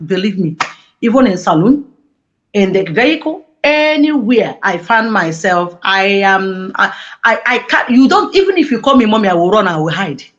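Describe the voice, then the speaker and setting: A woman giving an emotional interview, speaking passionately and halting with many restarts. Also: medium pitch. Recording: dull lo-fi audio.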